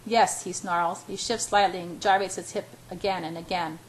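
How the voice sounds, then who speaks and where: A woman reading a first-person romance novel aloud in a soft, intimate, hushed way. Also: on the low side, level tone, moderate pace, poor audio. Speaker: audiobook reader.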